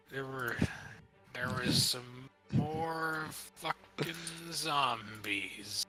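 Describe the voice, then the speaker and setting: A man's voice: medium pitch, sharp tone, poor audio. A young man recapping a tabletop game as dungeon master in a rambling, profane, offhand way.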